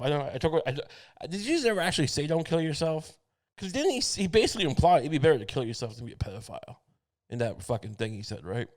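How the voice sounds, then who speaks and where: A man's voice: fairly high pitch, sing-song, fast talker. Male comedy podcaster riffing solo: profane, meandering, keeps restarting his sentences. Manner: profane, rambling, frequent restarts. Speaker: podcast host.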